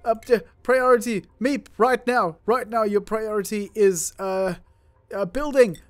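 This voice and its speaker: A man commentating his first try at a game, panicking, laughing and yelling at his characters, then calming down to talk to viewers. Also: high voice, unhurried, no room sound, faint music behind. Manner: calmer, chatty sign-off to viewers. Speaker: gaming YouTuber. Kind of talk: let's play commentary.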